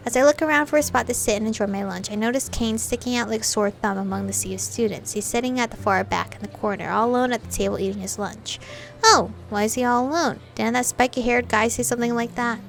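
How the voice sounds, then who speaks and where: A woman's voice: on the high side, creaky. A woman reading a visual novel aloud, with chatty, giggly asides between passages. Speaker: game player reading aloud.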